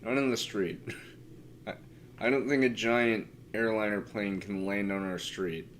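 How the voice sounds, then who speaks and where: Tired, slow-talking man streaming a game. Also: fairly low pitch, fairly even intonation, fairly bright tone, slight background noise. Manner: rambling, mumbled asides to himself. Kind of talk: casual stream commentary.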